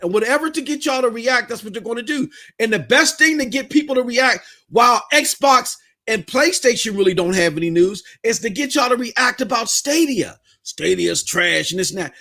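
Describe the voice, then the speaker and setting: A man's voice: very high voice, lively intonation, normal speed, bright, forceful tone. A man with a Southern US accent, hosting a podcast and ranting in blunt, fiery, slangy commentary. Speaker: podcast host. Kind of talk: heated commentary rant.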